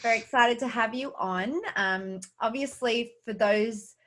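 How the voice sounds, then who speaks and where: A woman's voice: a little high, unhurried. An Australian woman hosting a podcast interview, enthusiastic and full of fillers. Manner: enthusiastic, warm, with many fillers. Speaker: podcast host.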